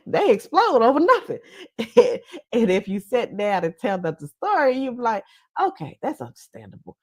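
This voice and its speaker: A woman's voice: fairly high pitch, wildly swooping pitch, measured pace, long pauses, dry recording. A woman giving casual commentary in a blunt, profane, chatty way, often breaking into laughs. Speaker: commentary vlogger.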